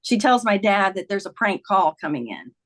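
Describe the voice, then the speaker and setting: A woman of medium pitch tells a personal story as a guest in an interview. She narrates in an earnest, unhurried way and slips into the voices of the people she quotes. Her delivery is plain conversational storytelling rather than a reading. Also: big pitch swings, a bit bright. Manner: vivid retelling that acts out quoted dialogue. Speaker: guest, author.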